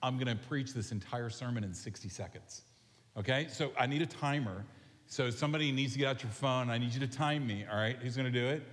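A man preaching a sermon to his congregation in a relaxed, animated way, often asking the people questions. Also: mid-range voice, fairly quick. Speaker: pastor. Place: large church sanctuary. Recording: long reverb of a large hall.

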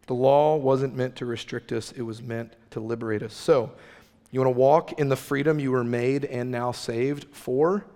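A man's voice: medium pitch, steady tone, moderate pace, dark tone, in a large hall. A man preaching a sermon, earnest and conversational, asking the listeners question after question. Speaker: pastor.

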